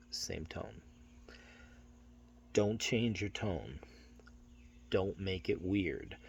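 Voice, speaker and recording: Middle-aged guy teaching phone sales, lowish voice, calm even tone, perks up when he plays the salesman. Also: extremely slow, creaky, pauses often, a little hiss or hum. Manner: steady matter-of-fact delivery, switches into brighter salesman voice for script lines. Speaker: insurance sales trainer. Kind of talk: sales training with role-played phone script.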